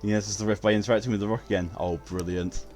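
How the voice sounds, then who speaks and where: A man's voice: lowish voice, fairly even intonation, quick pace, darkish tone, soft background music. A man chatting casually with viewers while streaming a game, blunt and given to swearing. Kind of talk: casual live-stream chat.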